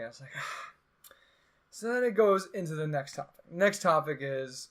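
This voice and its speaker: A young podcast host tells a long story in loose, casual conversation, speaking a little slowly in a slightly high voice. Whenever he acts out what other people said, he turns animated and sarcastic.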